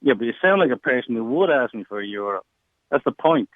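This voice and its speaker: A man's voice: mid-range voice, expressive, fast talker, dry recording. A man with a South Dublin Irish accent calling a radio show, blunt, condescending and crude as he argues. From Ireland. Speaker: caller. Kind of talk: heated radio phone-in argument. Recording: tinny phone line.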